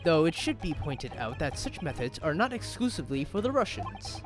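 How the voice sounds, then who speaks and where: A man's voice: a little high, sing-song, music in the background. A man putting on a pompous British detective. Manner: grandiloquent, slow, halting reading.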